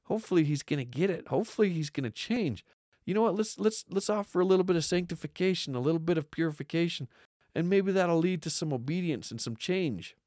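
A man's voice: fairly high pitch, expressive, fast, darkish tone, no room sound, studio quality. A man hosting a podcast, giving an earnest religious study talk and often repeating words as he stresses points. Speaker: podcast host teaching scripture.

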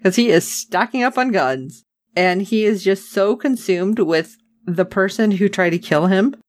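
Animated sarcastic woman recapping a show. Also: medium pitch, a little slow, no room sound. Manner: animated, sarcastic, acts out characters' lines. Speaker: podcast co-host. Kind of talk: casual TV recap chat.

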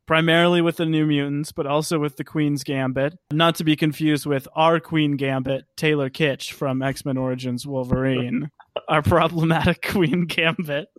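A man's voice: on the high side, little pitch movement, moderate pace, a bit bright, smooth, dry recording, studio quality. A man co-hosting a casual movie review chat, talking in a wry, chatty way full of "like" fillers. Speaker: podcast co-host.

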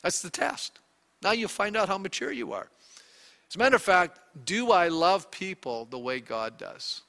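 Bright-voiced male pastor preaching. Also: sits high, lively intonation, normal speed, creaky, long reverb tail. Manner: conversational preaching with rhetorical questions to the congregation. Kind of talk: sermon.

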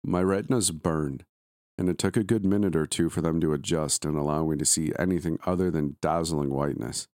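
A man reading a scripted horror story aloud in a grim, deliberate manner. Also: very deep voice, fairly even intonation, a little mellow, no echo, studio quality.

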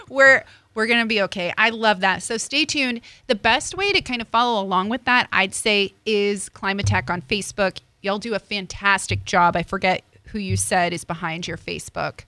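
A woman, hosting a radio talk show in a casual, chatty, excitable way. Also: mid-range voice, normal speed, no echo. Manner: chatty, laughs easily, excitable.

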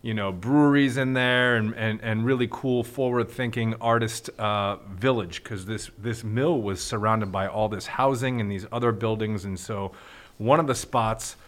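A man's voice: on the low side, fairly even intonation, moderate pace, a bit bright. A man, a restaurant owner, talking casually on a podcast, laid-back, with many fillers and some swearing.

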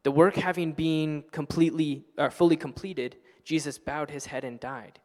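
A man preaching a sermon as pastor, earnest and passionate, building to loud exclamations. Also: fairly high pitch, steady tone, moderate pace, in a large hall. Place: church sanctuary.

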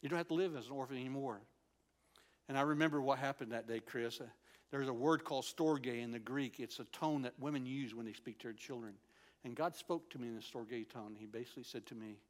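An older man preaching a sermon in an animated storytelling way, dropping to a soft, tender voice when he quotes God. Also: medium pitch, a little fast.

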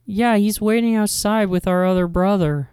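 A man voicing a cheeky young boy in an improv comedy scene, brash and deadpan about absurd schemes. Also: sits high, moderate pace, clean tone, no echo, studio quality, pitched above the performer's own voice, close to an everyday voice. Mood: innocent.

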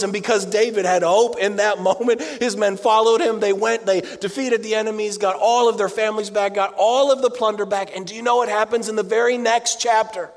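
A man preaching a sermon, swinging between loud outbursts and hushed, low delivery. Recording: long hall reverb.

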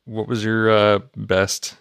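A man's voice: on the low side, flat delivery, slow pace, creaky, a bit bright, clear, resonant tone, no room sound, studio quality. A man co-hosting a podcast, chatting casually about a TV episode, wondering aloud and chuckling. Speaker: podcast co-host. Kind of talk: casual chat recapping a TV episode.

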